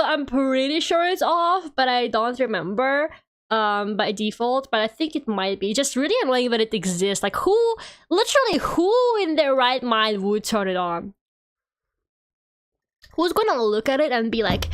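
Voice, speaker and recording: A young woman VTuber with a high-pitched voice and lively intonation talks at normal speed, sounding a bit bright. She chats and rants casually on a live stream while gaming, sprinkling in lots of "like"s.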